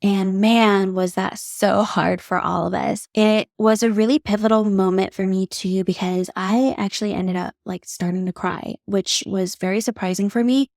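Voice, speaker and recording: A woman's voice: mid-range voice, a little mellow, no room sound. Candid woman podcaster, dry close sound. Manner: candid, heartfelt storytelling with casual swearing. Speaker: podcast host, beauty artist. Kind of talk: solo podcast monologue.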